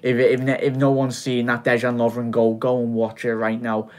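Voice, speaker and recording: A man's voice: medium pitch, monotone, moderate pace, darkish tone. A young man hosting a casual football match reaction vlog, chatty and full of fillers and restarts. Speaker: fan channel host.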